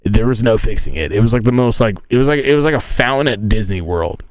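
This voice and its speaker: A man's voice: lowish voice, lively intonation, fast talker, no room sound. Young male streamer, crude rambling humor, dry sound. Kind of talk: casual live-stream chat and storytelling. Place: inside a tent.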